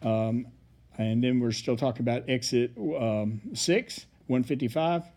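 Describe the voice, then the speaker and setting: Mellow-voiced man giving a council report. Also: mid-range voice, measured pace. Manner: rambling, hesitant, many fillers. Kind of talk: public meeting report.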